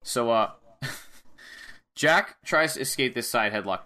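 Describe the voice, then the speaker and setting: A man's voice: mid-range voice, expressive, takes it slowly, pushed and bright. A man in casual chat recapping a wrestling match play by play, often laughing and acting out the wrestlers' lines. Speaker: podcast co-host.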